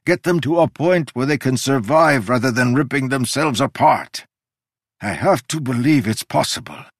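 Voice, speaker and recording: Brief: male narrator doing an ancient jovial god, emphatic and lecturing, mid-pitched, dry close sound. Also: expressive, moderate pace, no echo. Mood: grave. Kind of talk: audiobook character reading.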